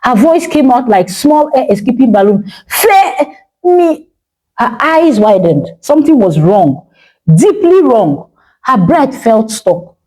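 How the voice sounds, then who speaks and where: Woman, dramatic storytelling, lively swinging pitch, warm mellow tone. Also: unhurried, poor audio. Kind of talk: dramatic scripted narration.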